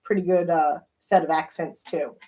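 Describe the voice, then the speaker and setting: A woman's voice: low-pitched, fairly even intonation, normal speed, warm tone. A woman co-hosting a casual live show. She reads viewer comments aloud and teases the host. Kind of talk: reading out live chat comments.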